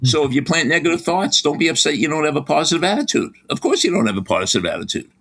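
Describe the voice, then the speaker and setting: An older man, a sports psychology professor, giving advice as a podcast guest in lively storytelling fashion. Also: fast, gravelly. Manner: lively, animated storytelling with big pitch swings.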